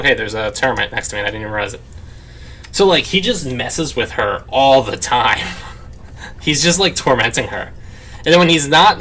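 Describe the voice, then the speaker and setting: A mid-range, sharp-toned male voice gives rambling gameplay commentary for a let's play, packed with "like" fillers. He's at his parents' home with dogs barking nearby, and there's a little hiss or hum.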